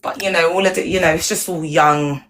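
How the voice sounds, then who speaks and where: A woman with a deep, slightly bright voice hosts a phone livestream from home, talking briskly with fairly even intonation. She's chatty and frank, rambling and asking "do you know what I mean" while calling viewers "baby" and "my love." A little hiss or hum is audible.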